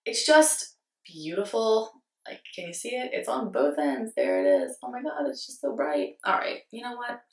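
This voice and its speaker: A woman in her twenties, a beauty vlogger, chatting casually about her favorite makeup with a slightly hoarse voice, rambling and poking fun at herself. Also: on the high side, sing-song, moderate pace, echoey room, distant mic. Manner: chatty, rambling, self-deprecating, lots of "like". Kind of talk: casual product review.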